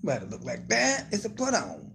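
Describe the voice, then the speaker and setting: A man's voice: on the high side, moderate pace, noisy background. A man hosting a live stream, talking in a loose, profane, comedic rant to his viewers. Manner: profane, animated, slides into put-on voices.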